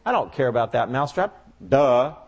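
A man's voice: sits high, wildly swooping pitch, brisk, fairly bright tone, breathy edge, dull audio, pitched above the performer's own voice, heavily acted. A man voicing a vain cow who mocks with sarcasm. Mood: sarcastic. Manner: mocking, sarcastic.

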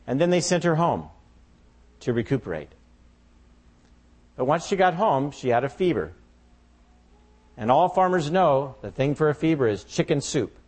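A man preaching a sermon, telling a farmyard story expressively before turning to scripture. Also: mid-range voice. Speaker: pastor.

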